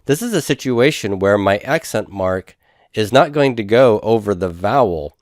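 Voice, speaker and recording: Methodical low-voiced male teacher, dry. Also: animated, no room sound. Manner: methodical, repeats terms slowly for students. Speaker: Hebrew instructor. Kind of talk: recorded lecture over handouts.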